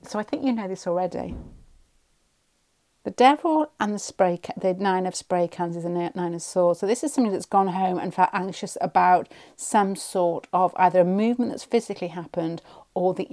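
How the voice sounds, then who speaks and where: A woman's voice: fairly low pitch, normal speed, mellow. A woman giving a pick-a-card tarot reading at home, thinking aloud and rambling, often restarting her sentences.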